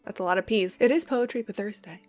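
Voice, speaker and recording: A woman who reads a poem softly, sinking into whispers at the line ends, then explains it in a chatty way with quick asides and ums. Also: mid-range voice, soft background music. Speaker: poetry reader and lecturer.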